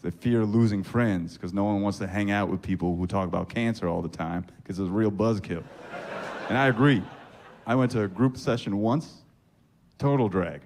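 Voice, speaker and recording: A man doing stand-up on a club stage, telling self-mocking stories in a deadpan way. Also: lowish voice, slight background noise. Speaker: stand-up comedian. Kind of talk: stand-up comedy.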